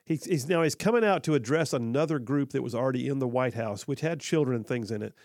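A man's voice: medium pitch, fast, a little mellow, no echo, clean studio sound. A man hosting a talk radio show, giving opinionated political commentary and repeating his points for emphasis.

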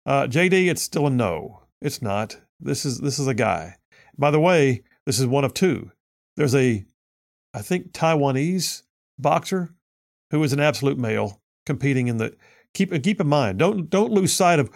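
A man's voice: medium pitch, animated, normal speed, creaky, a little mellow. A man hosting a conservative talk radio show, reading listener messages aloud and giving blunt, opinionated commentary with frequent restarts.

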